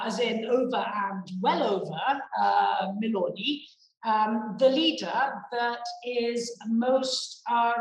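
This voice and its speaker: Woman guest, slow measured answers, higher voice, roomy sound, distant mic. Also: fairly bright tone. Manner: slow, measured, many hesitations. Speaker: guest analyst. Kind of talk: answering interview questions.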